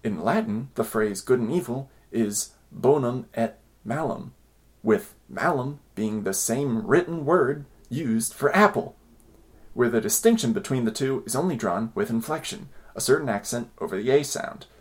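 A man co-hosting a casual podcast, explaining and reading aloud with a wry, deadpan manner. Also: mid-range voice, moderate pace. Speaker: podcast co-host.

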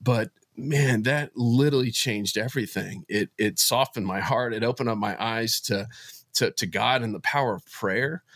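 An emotional man recounts a turning point in his life to an interviewer. His voice sits at a middle pitch, and his speech is halting, full of restarts. The recording is dry and close. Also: a bit bright, no echo. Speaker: podcast guest. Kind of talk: personal faith testimony in conversation.

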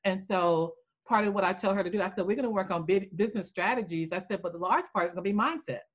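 A woman coach telling an animated story in a podcast interview, acting out the voices she quotes. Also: fast talker, muffled recording. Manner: animated storyteller, acts out quoted voices with big pitch jumps. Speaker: coach and founder.

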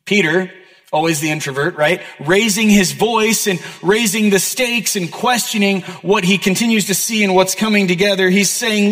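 A man's voice: high voice, a little slow, fairly bright tone. A young man preaching a sermon as a pastor, earnest and conversational, with self-deprecating asides. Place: church auditorium. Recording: long reverb of a large hall.

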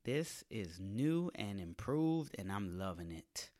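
A man's voice: lowish voice, very animated, takes it slowly, a little mellow. A man, a comedian, delivering a casual and crude comic monologue to his audience, full of slang and acted-out voices. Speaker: comedian hosting his own podcast.

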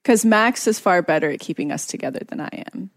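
Candid woman with a gravelly low voice. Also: lively intonation, dry recording, clean studio sound. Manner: candid, self-deprecating, quick laughs. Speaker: podcast co-host. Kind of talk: casual couple chat.

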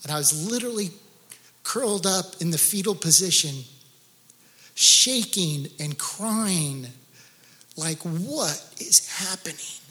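A man's voice: high voice, expressive, slow pace, pauses often, bright, forceful tone, long reverb tail. A man speaking to a church gathering, telling his own faith story in an earnest, storytelling way that rises to intense emphasis. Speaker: guest speaker. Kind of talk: testimony sermon.

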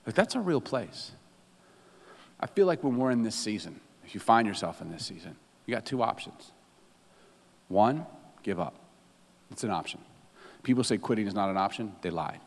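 A man preaching a sermon as a pastor, animated and humorous, laughing often as he talks. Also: on the low side, moderate pace, long pauses, big-room sound.

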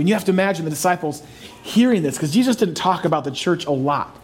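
A man preaching a sermon as pastor, emphatic and animated, with playful asides to his listeners. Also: a little high, quick pace.

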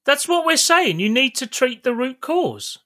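A man's voice: extremely high pitch, very animated, unhurried, pushed and bright. A man hosting a podcast in playful casual chat, laughing often. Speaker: podcast host.

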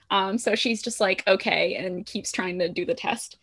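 A woman at a middle pitch chats casually through a plot recap. She retells scenes in a loose, relaxed way, with lots of ums and likes. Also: measured pace. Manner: chatty, relaxed retelling with filler words. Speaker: podcast co-host recapping a show. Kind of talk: casual chat.

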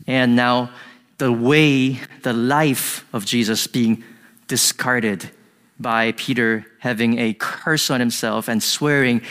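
A man's voice: mid-range voice, unhurried, a bit bright. A man giving an earnest, emphatic sermon to a congregation, with slightly non-native phrasing. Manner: earnest, emphatic teaching with rising intensity on quotes. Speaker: pastor. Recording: long hall reverb.

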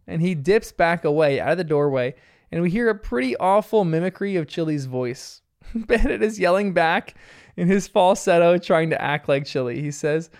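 Male recapper, casual and rambling, smooth fairly high voice. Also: normal speed. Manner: chatty and rambling, heavy with filler words. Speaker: show recapper. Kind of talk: casual episode recap commentary.

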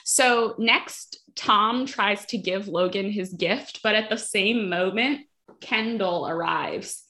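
A woman podcast host casually recapping a TV episode, telling it in a lively way with acted-out quotes. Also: mid-range voice, slow pace. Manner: animated storytelling, acts out quotes.

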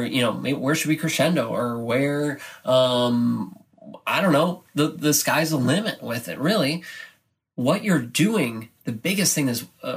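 A man with a slightly husky, breathy voice shares teaching advice on a podcast for choir directors. He talks with energy and bursts of animation, acting out moments from rehearsals. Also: mid-range voice.

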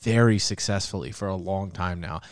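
A man's voice: deep voice, brisk, no echo, studio quality. A man co-hosting a podcast in casual, profane, jokey chat. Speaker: podcast co-host.

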